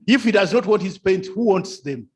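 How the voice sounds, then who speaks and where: Husky, high-voiced lecturer. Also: male voice, animated, normal speed, a little mellow. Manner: repetitive, rhetorical questions, chuckles often. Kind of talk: seminar lecture. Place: seminar room.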